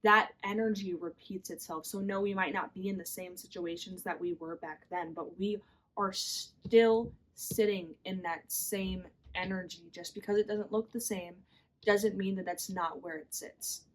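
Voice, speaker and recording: A woman's voice: medium pitch, steady tone, moderate pace, a little hiss or hum. A young adult woman hosting a podcast, talking candidly and a little rambly about her own life in a confessional monologue, often saying "like" and "literally.". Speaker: podcast host.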